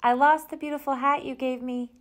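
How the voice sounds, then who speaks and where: A woman voicing an eager, excited young male bear who calls out loudly and cheerfully in a storybook reading. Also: sits high, brisk, pitched above the performer's own voice, natural voice. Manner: loud, calling out, cheerful.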